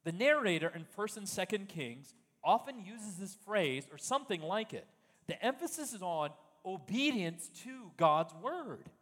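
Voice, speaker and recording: A man's voice: sits high, sing-song, measured pace, fairly bright tone, long reverb tail. A man preaching a sermon in an emphatic style, full of rhetorical questions. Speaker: pastor.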